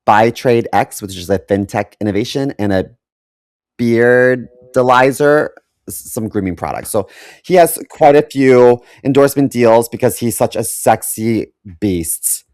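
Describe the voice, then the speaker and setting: A man's voice: medium pitch, normal speed, a little mellow, no echo, clean studio sound. A man co-hosting a podcast in casual chat, hesitant with many ums and wry asides. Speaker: podcast co-host.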